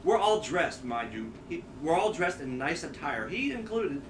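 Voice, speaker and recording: Brief: man, casual storyteller, swears a lot, mimics friends, pitch swings widely; roomy, distant, noisy recording. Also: moderate pace. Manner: animated, profane, acts out quotes and laughs often. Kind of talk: casual chat, telling a drunken story. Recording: roomy echo, far from mic, noisy ambience.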